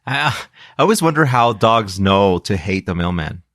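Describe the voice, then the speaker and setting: A man's voice: fairly low pitch, lively intonation, normal speed, fairly bright tone, dry recording, clean studio sound. A man co-hosting a podcast, casually retelling a spooky story with chuckles along the way. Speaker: podcast co-host.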